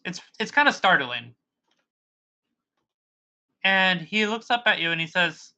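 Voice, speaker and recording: A casual game master narrating a fantasy scene in a very bright, clear voice. They ramble and restart, searching for the right words. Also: medium pitch, big pitch swings, unhurried, long pauses, muffled recording. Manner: casual and rambling, with many fillers.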